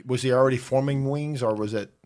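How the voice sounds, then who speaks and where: A man's voice: medium pitch, fast talker, darkish tone. A man hosting a casual interview, prompting his guest and agreeing often. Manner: prompting, frequent agreeing backchannel. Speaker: interviewer host.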